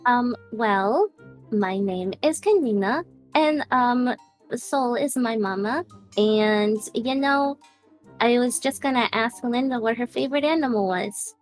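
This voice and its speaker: A woman playing a tabletop game speaks in a friendly, hesitant way and laughs easily. Her voice sits a little higher than most women's. Faint music plays in the background. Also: a little slow. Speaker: player. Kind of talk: casual tabletop play.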